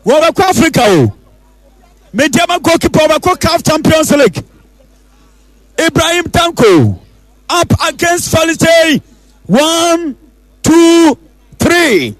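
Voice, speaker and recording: A man with a Ghanaian accent commentating a football penalty shootout, calling out and repeating the players' names with excitement. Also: very high voice, measured pace, pauses often, dry recording, poor audio.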